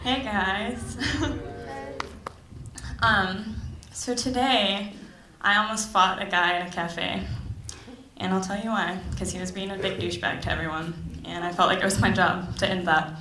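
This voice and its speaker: A young woman from Florida doing stand-up in a comedy club, her voice bright and sharp. She talks in a chatty, sarcastic way full of "like" fillers, and the room gives back a roomy echo. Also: mid-range voice, fairly even intonation, a little slow, faint music behind. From Tampa Bay, Florida. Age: young adult.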